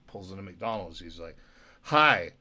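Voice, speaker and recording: A drunk man from western Canada hosts his own talk show, rambling loosely from one profane story to the next. His voice sits low with a gravelly edge, yet sounds bright, and his pitch swings widely as he goes. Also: lively intonation, a little slow. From Alberta, Canada. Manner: rambling, profane, laughing asides. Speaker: podcast host.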